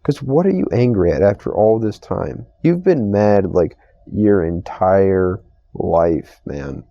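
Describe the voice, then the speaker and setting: A man's voice: fairly low pitch, expressive, slow, mellow, dry recording, highs cut off. A young man hosting a casual solo podcast, rambling and swearing in an exasperated rant about strangers. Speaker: podcast host. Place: store receiving area.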